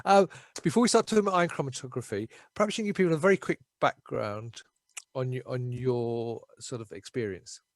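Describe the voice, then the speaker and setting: A man's voice: medium pitch, fairly quick, no room sound. A man from South London hosting an interview over a video call, cheerful and chatty. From South London, England. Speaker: interview host.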